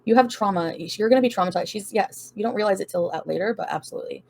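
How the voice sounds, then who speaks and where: A woman's voice: medium pitch, quick pace, creaky, a little mellow, a little hiss or hum. A woman hosting a casual livestream, reading out and answering viewer comments in a blunt, profane, defiant way, laughing often. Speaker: livestream host answering chat.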